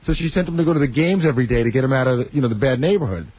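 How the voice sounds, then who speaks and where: A man's voice: medium pitch, lively intonation, very fast, slight background noise. A man cohosting a radio show, relaying details in a matter-of-fact way. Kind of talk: casual radio banter. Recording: dull radio broadcast audio.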